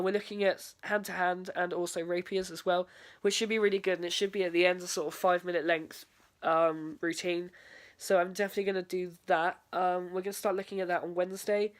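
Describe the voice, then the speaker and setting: Hesitant young woman with a lowish voice. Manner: hesitant, many fillers and "sort of". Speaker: drama student. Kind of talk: spoken video diary.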